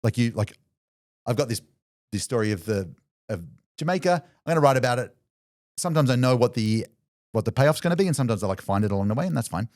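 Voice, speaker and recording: A man, a business coach guest on a podcast, telling a story in a loose, animated way with lots of fillers and restarts. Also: medium pitch, fast talker, pauses often, dry recording, studio quality. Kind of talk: casual storytelling in conversation.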